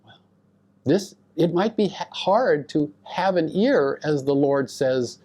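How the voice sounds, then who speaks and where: A man teaching a recorded Bible lecture, speaking deliberately and asking his listeners rhetorical questions. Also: on the high side, sing-song, darkish tone. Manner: explains Greek grammar to students.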